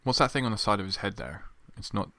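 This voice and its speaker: A man's voice: fairly low pitch, expressive, fast talker, vocal fry, pushed and bright, no room sound. A man co-hosting a casual film commentary, joking sarcastically and crudely as he mocks the movie.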